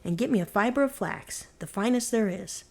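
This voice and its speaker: A woman voicing a tiny, cheerful female mouse princess in a bedtime storybook reading, speaking eagerly and brightly. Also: mid-range voice, a little fast, vocal fry. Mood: gracious. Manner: eager, lively.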